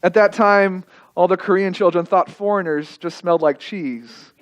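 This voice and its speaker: A male pastor telling a story in a sermon, emotive, repeating phrases and dropping soft at key moments. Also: sits high, moderate pace.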